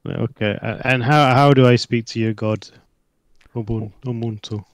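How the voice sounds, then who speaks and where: A man playing in a tabletop role-playing game, playful and quick to laugh. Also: medium pitch, fairly even intonation, clean tone, no room sound. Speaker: player.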